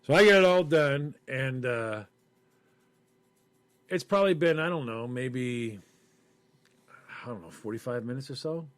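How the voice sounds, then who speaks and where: A man chatting casually, telling a story with lively acted-out quotes. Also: mid-range voice, measured pace, pauses often, dry recording. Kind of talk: casual chat.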